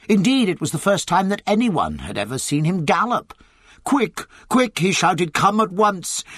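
A man narrating an audiobook with an expressive, dramatic reading. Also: mid-range voice, breathy edge, no room sound, clean studio sound.

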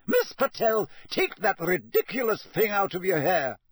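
A man's voice: high voice, huge pitch swings, a little slow, dry recording, studio quality, pitched above the performer's own voice, heavily acted. A man voicing a strict older female professor who snaps clipped orders at pupils. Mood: stern.

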